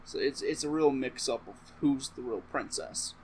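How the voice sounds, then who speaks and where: A man's voice: medium pitch, moderate pace, a little mellow, a little hiss or hum, low-quality recording. A man casually rambling through a comedic movie recap to camera, swearing freely and interrupting himself with asides. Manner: profane, offhand and rambling, with self-interrupting asides. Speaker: comedic vlogger.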